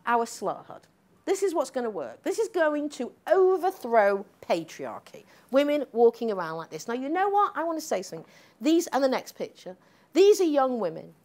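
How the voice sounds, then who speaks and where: Her voice sits high with a darkish tone as this older American woman, a professor, gives a sardonic, emphatic public lecture. She keeps capping her points with "right?" and "okay?".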